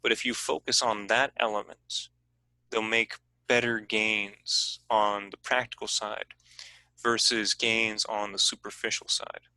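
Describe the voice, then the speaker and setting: A man presenting a teaching workshop over a video call, explaining in a relaxed, conversational way. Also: on the low side, unhurried, no echo, low-quality recording.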